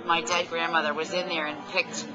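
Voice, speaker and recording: A woman's voice: on the low side, level tone, fairly quick. A woman chatting casually at a restaurant table, eagerly telling her own story. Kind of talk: casual chat. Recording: dull lo-fi audio with loud music behind. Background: restaurant music.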